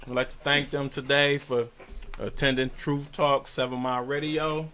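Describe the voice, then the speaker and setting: A man hosting a radio interview, asking questions haltingly with many fillers, in a radio studio. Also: medium pitch, little pitch movement, sharp tone, a little hiss or hum. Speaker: radio show host. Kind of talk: casual on-air interview.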